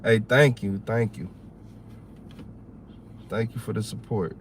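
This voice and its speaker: A man with a Southern US accent hosting a livestream, chatting casually in a rambling, animated, slangy way. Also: fairly low pitch, slow, slight background noise. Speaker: livestream host.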